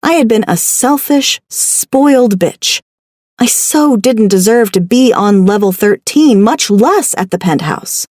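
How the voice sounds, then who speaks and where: A woman narrating a first-person audiobook in a wry, expressive storytelling manner, recorded on a studio microphone. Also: on the high side, a little slow, dry recording.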